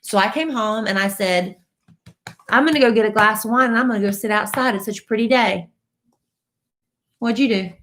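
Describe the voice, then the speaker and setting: A woman's voice: medium pitch, moderate pace, pauses often, a bit bright. A middle-aged woman, chatting casually as co-host of a live stream, playful and talkative. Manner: chatty, playful, baby-talks to the dog.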